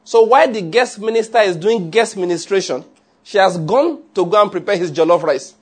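A man's voice: high-pitched, animated, a little fast, slightly rough. A man preaching a conversational sermon, often checking that listeners follow.

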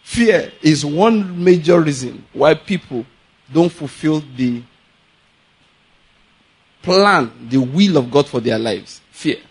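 A Nigerian-accented man preaches with lively storytelling, breaking into laughter and slipping into pidgin for the voices he acts out. His voice sits a little high for a man. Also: slow, pauses often, slightly rough. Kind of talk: sermon with storytelling.

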